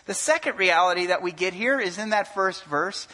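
A male pastor preaching a sermon in an animated way, asking the congregation questions and joking. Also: high-pitched, normal speed. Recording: long hall reverb.

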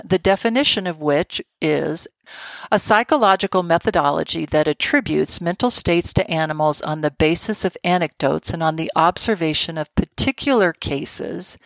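A woman's voice: fairly low pitch, no echo. A woman hosting a solo podcast, talking in a wry, digressive way with joking asides. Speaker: podcast host.

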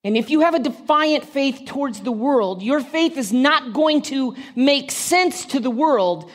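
Slow, unhurried woman preaching a sermon. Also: on the high side. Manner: conversational, asks the congregation direct questions. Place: church room with a congregation.

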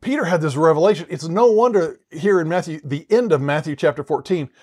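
Male Bible teacher, slightly higher register, earnest and explanatory, loose delivery with frequent restarts. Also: fairly quick, a little mellow, breathy edge.

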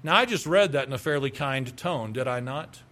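A man's voice: mid-range voice, animated, normal speed, pushed and bright. A man preaching a sermon, reading scripture aloud and asking his congregation rhetorical questions. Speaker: pastor.

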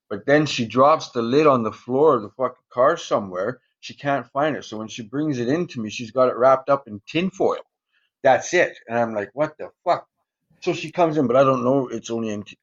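A man's voice: on the low side, lo-fi sound. A man casually telling profane, rambling stories in a podcast interview, chuckling often. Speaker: guest, former prisoner.

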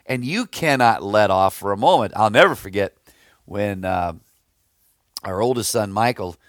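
A man's voice: fairly low pitch, lively intonation, normal speed, no room sound, studio quality. A middle-aged man preaching a devotional sermon, earnest and emphatic, with folksy asides and stories. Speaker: pastor.

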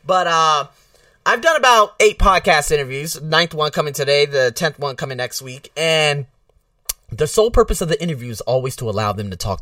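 Brief: American podcast host, rambling and filler-heavy, lively swooping delivery, dry sound a little off-mic. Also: male voice, mid-range voice, dry recording, distant mic. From United States. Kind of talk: casual rambling monologue.

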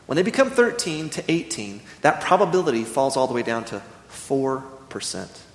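A man in his thirties preaching a sermon, earnest and storytelling, slowing down when he reads scripture. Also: medium pitch, sing-song. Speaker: pastor. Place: church sanctuary. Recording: echoey church hall.

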